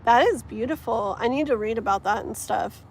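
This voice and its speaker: Outdoors with wind and traffic passing, a woman hosts a tarot livestream, her fairly high, darkish voice at normal speed over slight background noise. Chatting casually, she reads comments aloud effusively, with many filler words.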